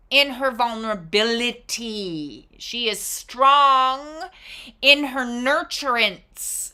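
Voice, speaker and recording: Woman, oracle card reader, slow pace, bright tone, reflective, expressive. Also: high voice, clear, resonant tone. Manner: reflective, expressive, with casual swearing. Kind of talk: casual spiritual card reading.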